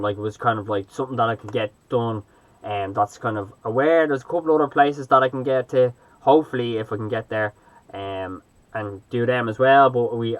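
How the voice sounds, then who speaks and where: Irish man in his own vlog, loose and hesitant, mid-pitched voice, dry recording. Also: no room sound. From Ireland. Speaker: vlogger. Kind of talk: casual vlog commentary.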